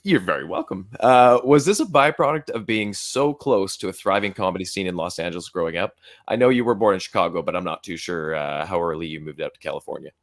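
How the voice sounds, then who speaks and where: A man in his thirties hosting an interview, effusive with praise and quick to laugh. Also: low voice. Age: 30s. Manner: effusive, laughs often, many fillers. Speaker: podcast host. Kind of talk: casual interview chat.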